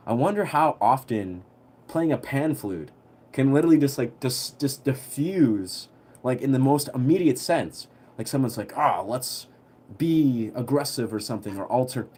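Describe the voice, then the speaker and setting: A young man telling a story on a livestream in a relaxed, rambling way, full of fillers. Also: mid-range voice. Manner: rambling, heavy on fillers, laid-back.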